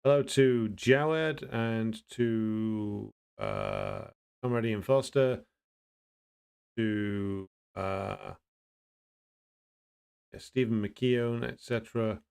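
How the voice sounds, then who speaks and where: Low smooth-voiced man hosting a livestream. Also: lively intonation, a little mellow. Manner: thinks aloud with frequent pauses and restarts; blunt, opinionated. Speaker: livestream host. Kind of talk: casual livestream chat, greeting viewers and answering comments.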